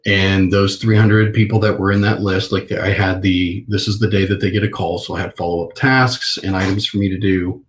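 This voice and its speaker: Low-voiced man telling animated stories. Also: normal speed, few pauses. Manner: animated storyteller acting out phone calls. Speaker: guest. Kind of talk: interview.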